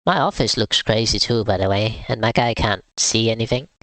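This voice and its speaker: A man's voice: on the low side, normal speed, a bit bright, no room sound. A man streaming a game live, with casual, wry, rambling commentary.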